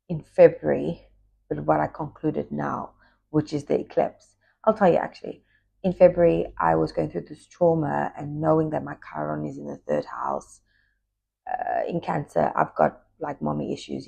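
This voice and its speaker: Low gravelly woman confiding. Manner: confiding, reflective, trailing into soft whispers. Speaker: spiritual talk host, former yoga teacher. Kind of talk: casual personal monologue.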